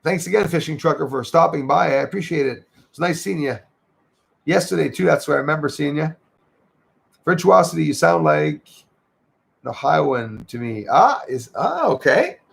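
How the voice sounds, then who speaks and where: A man's voice: on the high side, lively intonation, moderate pace, creaky. A Canadian man hosting a casual livestream, chatting loosely and thanking viewers by name as he reads their comments. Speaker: livestream host.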